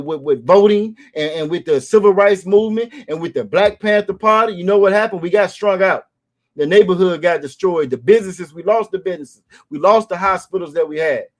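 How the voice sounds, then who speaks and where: Emphatic high-voiced male podcast host. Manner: emphatic, repeats phrases, asks "you feel me?". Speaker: show host. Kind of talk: casual podcast commentary.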